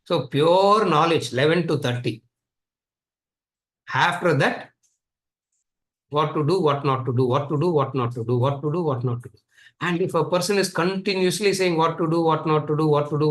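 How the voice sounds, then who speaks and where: A man's voice: fairly high pitch, normal speed, long pauses, echoey room. A man with a Tamil accent giving a conversational scripture lecture, repeating phrases and asking rhetorical questions. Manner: repetitive, rhetorical, conversational teaching. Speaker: Vedanta teacher.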